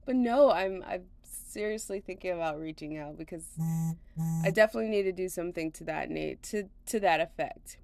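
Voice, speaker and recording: A woman's voice: fairly low pitch, a little fast, no room sound. A slightly tired woman hosting a podcast from home, rambling casually with lots of fillers and laughs. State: a little tired. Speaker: podcast host.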